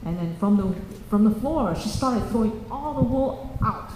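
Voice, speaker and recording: A woman's voice: fairly high pitch, animated, noisy background. A woman telling a children's story in a church, stopping and restarting her sentences often. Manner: halting, with many fillers and restarts. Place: church hall. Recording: echoey church hall.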